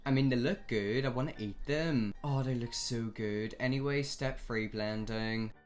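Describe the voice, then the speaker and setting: A man's voice: mid-range voice, unhurried, faint music behind. A young man hosting a casual reaction video, just woken up, rambling and flustered as he talks. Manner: rambling, flustered, filler-heavy.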